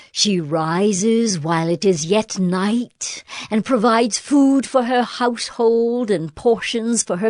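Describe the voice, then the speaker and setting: A woman reading scripture aloud in a measured, even delivery. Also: medium pitch, dry recording, clean studio sound. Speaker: scripture reader.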